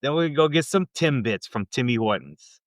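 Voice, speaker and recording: A man voicing a foul-mouthed Canadian hockey brawler in a Canadian accent, loud and swaggering. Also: mid-range voice, lively intonation, fairly quick, no echo, natural voice. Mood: brawling bluster.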